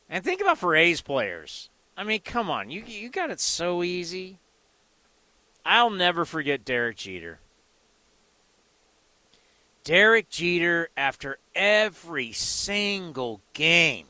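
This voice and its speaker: Male sports radio host, excitable and rhetorical, high bright voice. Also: a little slow, dry recording. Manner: excitable, rhetorical questions, acts out quotes. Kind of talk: animated sports talk commentary.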